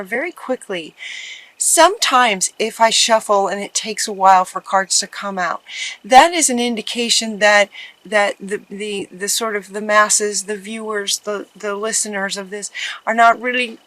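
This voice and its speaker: A woman giving a casual tarot reading to her viewers, gentle and encouraging, often repeating her phrases. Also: medium pitch, no room sound, rough recording. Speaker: tarot reader.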